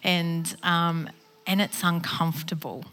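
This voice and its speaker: A woman's voice: on the low side, steady tone, takes it slowly, a bit bright. A woman giving a personal testimony as a guest speaker, speaking in an earnest, conversational way and acting out the voices in her story.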